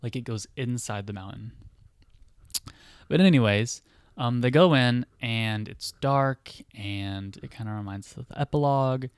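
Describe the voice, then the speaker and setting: A man hosting a podcast who casually talks through a story, rambling and leaning on fillers like "like" and "you know." His voice is smooth and clear, and his pace is slow. The mic is close and the room sounds dry. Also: mid-range voice, dry recording. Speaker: podcast host. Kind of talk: casual storytelling of a book idea.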